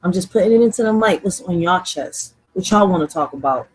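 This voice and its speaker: A woman hosting a casual livestream. She swears freely, laughs often and talks straight to her chat in an animated way. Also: on the low side, fairly quick, slightly rough. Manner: animated, laughing, profane, addresses the chat directly. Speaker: livestream host.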